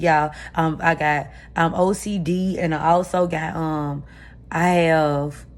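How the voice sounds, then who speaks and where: A woman vlogger talking candidly to camera, rambling and confessional as she vents. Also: medium pitch. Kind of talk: venting to camera. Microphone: camera mic.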